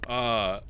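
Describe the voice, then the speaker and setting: A man's voice: medium pitch, pushed and bright, a little hiss or hum. A man acting as game master, chatting casually on a podcast; he argues freely, swears, and laughs often.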